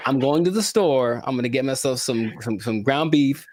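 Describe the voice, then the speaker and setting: A man's voice: medium pitch, expressive, normal speed, a little mellow, no room sound, clean studio sound. A man co-hosting a podcast in casual chat, joking and rambling with lots of repeats. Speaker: podcast co-host.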